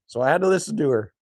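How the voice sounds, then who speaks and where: A middle-aged Canadian man with a slightly hoarse voice, hosting a live stream from a cabin and chatting casually with viewers in a folksy way. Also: a little high, dry recording, clean studio sound. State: a little hoarse. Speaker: livestream host reading chat. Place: rural cabin indoors.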